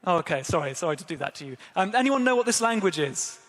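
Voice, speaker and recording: A man's voice: sits high, very animated, fast talker, a bit bright, long reverb tail. A man preaching a sermon at a church service, conversational and self-deprecating, talking directly to his congregation.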